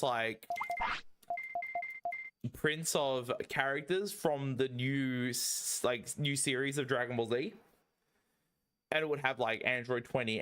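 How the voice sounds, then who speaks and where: A man, chatting casually while streaming a speedrun, rambling and excitable with lots of swearing and fillers. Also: mid-range voice. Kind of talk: casual chat while playing. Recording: game music playing behind. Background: video game music.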